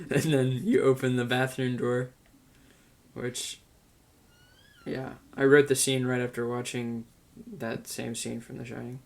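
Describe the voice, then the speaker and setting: A man's voice: medium pitch, slow pace, vocal fry, long pauses. A man hosting a casual director's commentary. He talks in a chatty way, laughs often and keeps restarting his sentences. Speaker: video director and host.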